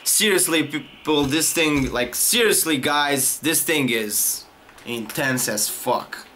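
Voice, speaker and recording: A young man commentating his gameplay, swearing constantly, taunting the game and shouting in frustration. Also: on the high side, slow pace, slight background noise. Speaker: gaming YouTuber. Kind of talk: profane rage-quit gameplay commentary.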